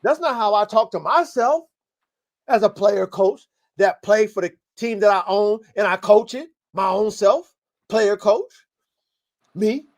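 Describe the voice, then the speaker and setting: A man's voice: sits high, measured pace. A man hosting a live podcast, coaching dog breeders in a blunt, profane, fired-up way. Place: home studio, live stream.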